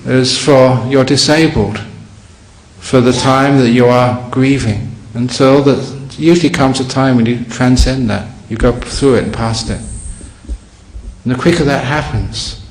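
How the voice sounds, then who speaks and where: A man, a Buddhist monk, giving a dharma talk to a live audience with relaxed storytelling and wry humor. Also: medium pitch, unhurried, slight background noise. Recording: echoey hall, faint ambience.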